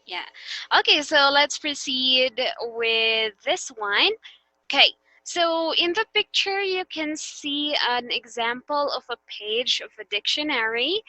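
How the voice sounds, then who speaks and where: Slow, bright-voiced young woman teacher. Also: high-pitched, no room sound, low-quality recording. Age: young adult. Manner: patient, checks understanding often. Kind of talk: teaching demo lesson.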